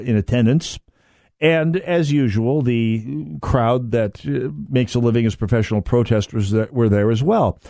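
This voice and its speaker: A man hosts a talk radio show, riffing in a sardonic, mocking monologue full of uhs and sighs. His pitch swoops up and down animatedly. The studio sound is close and dry. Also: mellow, no echo. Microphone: studio microphone.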